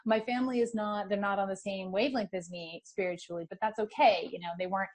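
A middle-aged woman from California, guest in an interview, telling a personal spiritual story in an animated, emotional way. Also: mid-range voice, fast talker.

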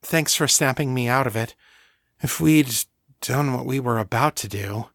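A man reading a young man's lines in his own voice, low and teasing. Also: normal speed, a bit bright, no room sound, studio quality, lightly acted. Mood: hesitant.

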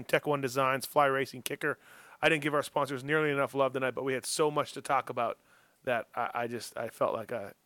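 Guy hosting a moto radio show, bright crisp voice, dry close mic, joking around fast. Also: mid-range voice, no echo. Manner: joking, quick-fire, runs a timed segment. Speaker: podcast host. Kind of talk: casual radio show chat.

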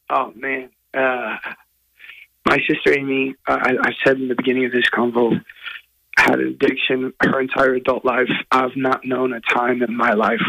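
A man, a guest musician, telling a personal story in an earnest, halting, emotional way from a hotel room. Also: mid-range voice, gravelly, bright, forceful tone, poor audio.

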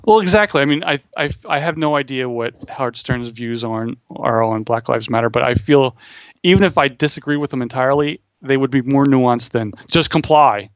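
Mid-pitched guy rambling on a podcast, lots of restarts, dry slightly muffled sound. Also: fairly quick, dry recording. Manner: rambling, restarts sentences, thinks aloud. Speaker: podcast co-host. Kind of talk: casual podcast chat.

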